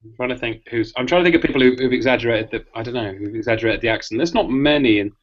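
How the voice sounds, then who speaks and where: A man from London hosting a live podcast, chatting fast and excitably and swearing freely. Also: medium pitch. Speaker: podcast host. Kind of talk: casual live podcast chat about boxing. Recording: lo-fi dull audio.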